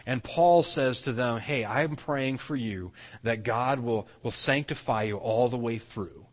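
A man's voice: mid-range voice, measured pace, in a large hall. A man preaching a sermon as pastor, earnest, often restarting and repeating words as he explains. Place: church sanctuary.

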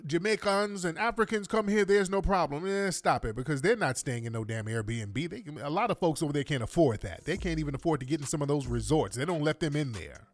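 A man's voice: fairly high pitch, lively intonation, brisk, few pauses, dry recording. A man hosting a podcast, commenting on a played clip in an indignant, mocking way with repeated rhetorical questions. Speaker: podcast host.

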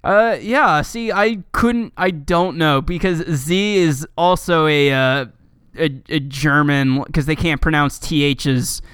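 A man's voice: a little high, slow, hardly any pauses, a bit bright, smooth, dry recording, studio quality. A man co-hosting a casual podcast, reading fan writing aloud with sarcastic, profane commentary. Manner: sarcastic, swears often, laughs at the text.

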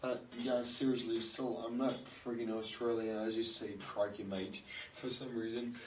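A feverish man with a cracking voice, rambling casually, swearing and clearing his throat a lot. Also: medium pitch, level tone, moderate pace. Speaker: musician jamming with friends. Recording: echoey room mic from far off with noise.

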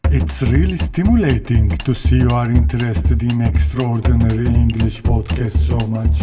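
A man hosting a podcast, reading scripted lines in a measured way. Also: medium pitch, music in the background. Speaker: podcast host.

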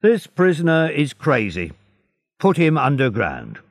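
Blunt, weary jailer, brusque and matter-of-fact, as a gravel-voiced man reads him. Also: a little high, wildly swooping pitch, a little slow, dry recording, clean studio sound, pitched above the performer's own voice, heavily acted. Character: blunt weary male prison guard.

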